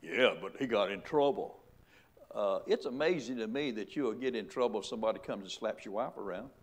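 A man's voice: lowish voice, animated, a little fast. Emphatic preacher man. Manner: emphatic preaching with repeated rhetorical questions. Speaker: pastor. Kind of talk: sermon.

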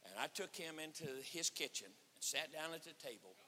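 A man preaching at a conference, telling a story with acted-out dialogue and rising to shouts. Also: a little high, normal speed, slight background noise. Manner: animated, acts out dialogue, swells to shouting. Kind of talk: sermon storytelling. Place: church or conference hall. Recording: reverberant hall.

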